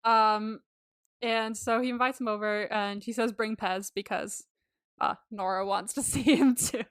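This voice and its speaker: A woman's voice: fairly high pitch, steady tone, measured pace, clear, resonant tone, no room sound, studio quality. A woman co-hosting a podcast, chatting and rambling as she recaps a film. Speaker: podcast co-host. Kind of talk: casual chat recapping a film.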